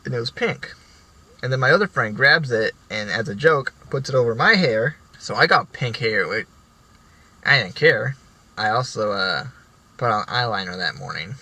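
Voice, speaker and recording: A young vlogger with a sharp, mid-range voice rambles casually through stories from his school days, restarting often and swearing now and then. The recording is low quality.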